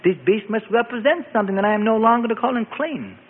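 A man's voice: sits high, expressive, fast. A man voicing a devout, anxious male apostle who pleads and protests earnestly in a radio Bible drama. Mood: perplexed. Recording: tinny phone-like radio recording with reverb.

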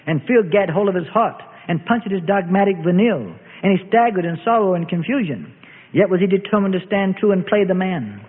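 A man tells a Bible story in a solemn, old-fashioned storytelling voice. His voice sits high and moves a lot, with a husky edge. It comes through thin and phone-like, with a long reverb. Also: expressive, brisk. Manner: solemn storytelling with archaic phrasing. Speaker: narrator. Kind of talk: dramatic scripted Bible story narration.

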